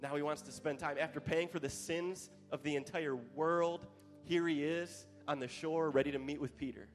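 A male pastor preaching a sermon with passion, growing louder at the climaxes. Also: a little high, fairly even intonation, normal speed. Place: church hall. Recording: live church hall with long reverb and soft music.

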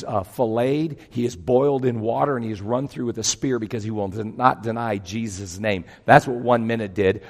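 A man in his fifties preaching a sermon, telling stories with acted-out voices and swinging between loud bursts and hushed lines. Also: medium pitch, vocal fry, husky. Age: 50s. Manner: animated storytelling, acting out voices, big swings from loud to hushed. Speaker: pastor. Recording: long hall reverb.

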